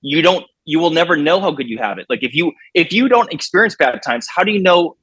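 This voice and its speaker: Husky, reflective man as guest. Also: fairly high pitch, animated, a bit bright, no echo. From United States. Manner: reflective, halting with repeated restarts. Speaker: guest, army veteran. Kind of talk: casual interview chat.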